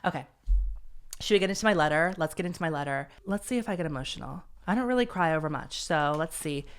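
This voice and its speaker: Chatty young man with a smooth voice. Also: on the high side, animated, fast, fairly bright tone. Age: young adult. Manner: chatty, rambling and self-deprecating, with lots of "like" and "um". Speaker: podcast host. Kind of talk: casual solo podcast chat.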